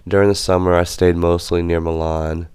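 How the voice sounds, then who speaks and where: A young man from the United States chatting as a guest in a relaxed, slightly hesitant way. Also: deep voice, moderate pace, smooth, dry recording, clean studio sound. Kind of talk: casual chat.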